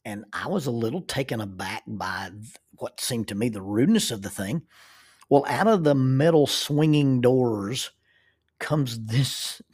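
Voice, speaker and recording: A man's voice: medium pitch, a little mellow, breathy edge. A middle-aged man, a preacher, telling a funny personal story in a self-deprecating, chuckling way.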